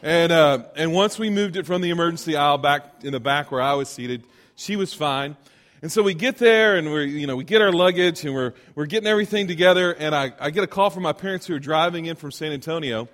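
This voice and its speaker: A man doing stand-up storytelling on a stage with a handheld microphone, with animated, self-deprecating anecdotes and acted-out quotes. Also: fairly high pitch, fairly quick. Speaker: comedian. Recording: long hall reverb.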